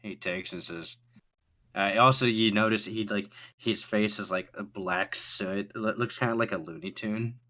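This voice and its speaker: A man's voice: on the low side, normal speed, pushed and bright. A man narrating as game master of a tabletop game, loose and rambling with many restarts.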